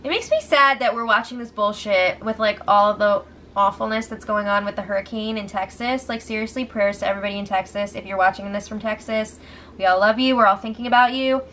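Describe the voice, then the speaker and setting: A woman recapping a reality show in a casual, animated and gossipy way, swearing freely as she talks. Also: medium pitch, a little fast, slight background noise.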